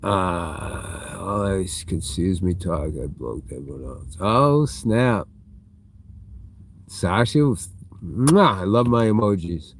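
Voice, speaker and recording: A man's voice: low voice, expressive, slow pace, a little hiss or hum. A middle-aged man live streaming from inside a store, telling a long rambling story and breaking off to answer viewer chat. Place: inside a big retail store.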